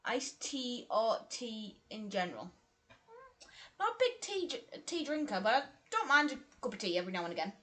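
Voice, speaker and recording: A woman chatting casually on a live stream, a little tipsy, self-deprecating and quick to laugh. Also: a little high, very animated, sharp tone.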